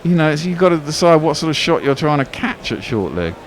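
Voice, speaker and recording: A man giving live ball-by-ball radio cricket commentary, excitable, swearing and arguing with his co-commentator. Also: a little high, brisk. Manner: excitable, swears freely, argumentative banter.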